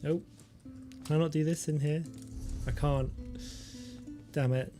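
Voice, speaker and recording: Brief: joking game streamer, casual commentary, slightly raised pitch. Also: male voice, fairly even intonation, measured pace, over music. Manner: chatty, joking.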